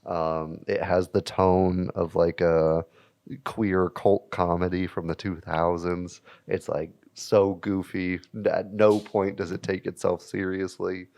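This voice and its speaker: Very deep, slow gravelly man. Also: level tone, darkish tone. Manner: hyped, swearing, casual slang. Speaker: podcast co-host. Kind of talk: casual podcast chat.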